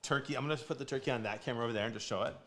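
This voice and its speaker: A man hosting a casual live stream from his home kitchen, upbeat and joking, quick to laugh. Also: mid-range voice, a bit bright. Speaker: streamer host.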